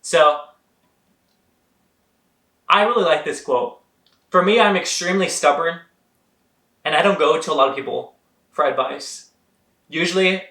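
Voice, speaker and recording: A man's voice: a little high, moderate pace, pauses often, pushed and bright, reverberant. A young man giving an earnest, motivational vlog monologue, talking straight to his viewers and calling them guys. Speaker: vlogger.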